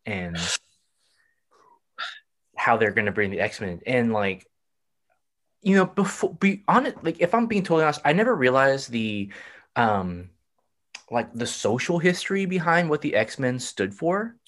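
A man hosting a casual podcast chat, enthusiastic but halting, often restarting his sentences. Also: mid-range voice, sing-song, fairly bright tone.

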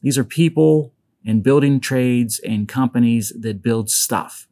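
Male solo podcast host, softened Western Pennsylvania accent, gravelly mid-pitch voice, conversational and wry. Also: measured pace.

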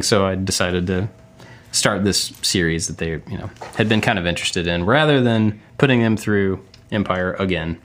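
A middle-aged man chats casually as a podcast co-host. His voice sits a little low, and he rambles through stories with fillers and easy laughter. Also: normal speed, fairly bright tone. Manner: chatty storyteller, frequent fillers and laughs. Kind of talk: casual chat.

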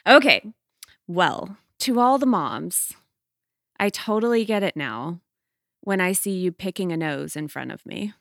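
A woman co-hosting a chat podcast, chatty and quick to agree and laugh. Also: fairly low pitch, expressive, creaky, a bit bright, dry recording, clean studio sound. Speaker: podcast co-host. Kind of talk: casual chat.

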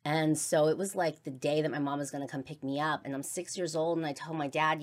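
A woman's voice: deep voice, fairly even intonation, fairly quick, hardly any pauses. A woman hosting a podcast, telling a personal story in a blunt, casual way, full of swearing and fillers. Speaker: podcast host.

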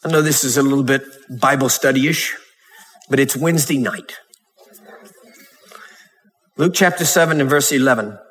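A man's voice: mid-range voice, normal speed, long pauses, a bit bright. A man preaching a Wednesday night sermon, reading scripture and talking conversationally with laughs and mock voices. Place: church sanctuary. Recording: long hall reverb.

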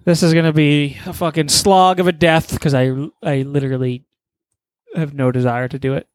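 A man's voice: a little high, level tone, normal speed, smooth, dry recording. A man improvising a crude, rambling comedy story as host, with heavy profanity.

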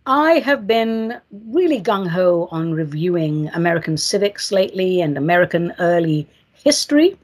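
A woman hosts a chatty solo podcast with a husky edge to her voice. Her pitch swoops up and down all the time, and she talks in a playful, theatrical, gushing way. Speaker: podcast host.

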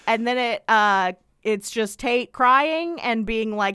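A woman's voice: fairly high pitch, animated, slow, hardly any pauses, pushed and bright, smooth, no room sound, clean studio sound. A woman co-hosting a podcast, retelling scenes in a wry, rambling way with lots of fillers. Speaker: podcast co-host. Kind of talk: casual recap chat.

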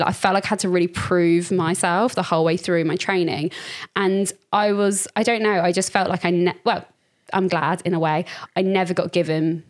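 Woman telling lively stories. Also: lowish voice. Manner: lively storytelling, acts out her own past thoughts. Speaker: guest, dancer and teacher. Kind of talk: casual interview chat.

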